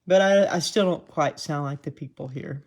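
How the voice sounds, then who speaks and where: A woman's voice: sits low, normal speed, a little mellow. A woman from the Southern United States with a twangy accent, hosting casual live commentary. She chats along, laughs often and pokes fun at herself. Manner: chatty, laughs often, self-deprecating. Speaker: host.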